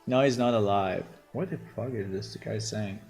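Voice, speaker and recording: A man's voice: fairly low pitch, moderate pace, darkish tone, soft background music. A man who develops games, casually commenting on a live stream in a chatty, amused way with frequent restarts and repeated words.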